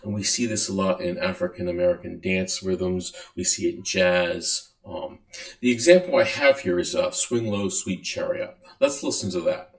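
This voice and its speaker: A man giving a relaxed music lecture, counting and singing beats aloud between many fillers. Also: low voice, moderate pace. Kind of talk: recorded lecture. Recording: echoey room.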